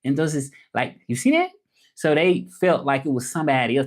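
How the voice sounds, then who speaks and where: A man's voice: medium pitch, moderate pace. A man with a Southern US accent hosts a casual livestream. His talk is loose and rambling. He answers viewers' comments as they come in. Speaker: livestream host and interpreter.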